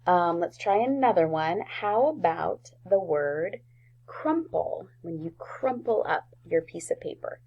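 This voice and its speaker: A woman teaching a recorded phonics lesson to first graders, sounding out words slowly and clearly with gentle encouragement. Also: fairly low pitch, expressive, muffled recording.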